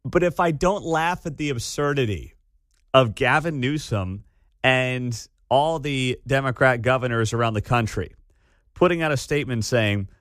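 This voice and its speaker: A man's voice: medium pitch, moderate pace, fairly bright tone, no echo. A man hosting a talk radio show, delivering an opinionated monologue with an incredulous, sarcastic edge. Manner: incredulous, sarcastic, laughs at the absurdity. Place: radio studio. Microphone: studio microphone.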